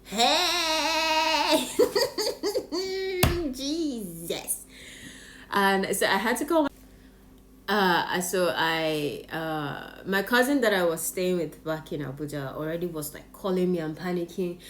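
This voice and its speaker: A woman's voice: on the low side, moderate pace, slight background noise. A Nigerian woman with a Nigerian English accent, animatedly telling a personal story on her vlog with plenty of laughter. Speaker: vlogger. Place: Japan.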